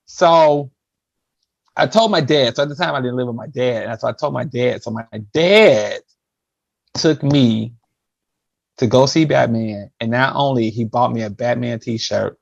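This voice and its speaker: A man telling a personal story in a casual chat, animated and acting out voices. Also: measured pace, vocal fry, no room sound, dull audio. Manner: animated, acts out his younger self in a higher voice. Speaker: podcast guest.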